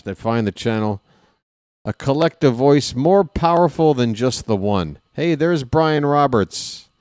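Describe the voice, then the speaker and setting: Male stream host, unhurried rambling chat, clean dry voice on a close mic. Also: mid-range voice, a little mellow, clear, resonant tone, no echo. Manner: chatty, rambling, joking asides to chat. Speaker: baseball live-stream host. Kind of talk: casual post-game stream chat.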